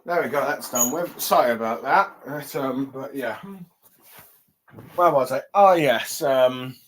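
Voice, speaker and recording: A man casually recapping and reviewing a comic chapter, rambling and filling pauses with many ums and self-corrections, sounding a little tired. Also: medium pitch, slight background noise.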